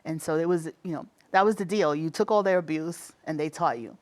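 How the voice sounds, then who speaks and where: A middle-aged woman from the Bronx, New York, speaks in a low, brisk voice with a Bronx accent. She's a state commissioner appearing as a guest in a conversational interview, telling lively stories, acting out the voices she quotes and laughing often.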